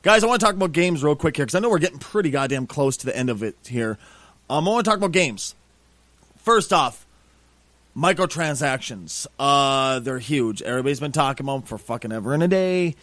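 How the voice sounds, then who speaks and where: A man's voice: medium pitch, animated, fairly quick, a bit bright, dry recording. A man co-hosting a casual podcast, ranting sarcastically and swearing freely. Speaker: podcast co-host.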